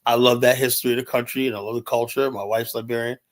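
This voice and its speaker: A man's voice: mid-range voice, flat delivery, fast talker. A man hosting a livestream panel, venting in a long, profane, rambling rant full of "you know?" tags. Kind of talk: heated panel debate.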